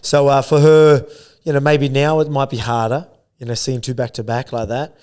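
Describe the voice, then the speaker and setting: A man's voice: medium pitch, little pitch movement, moderate pace, a little mellow, smooth. An Australian man talking as an interview guest in a casual, rambling way, filling gaps with "you know what I mean". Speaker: guest athlete.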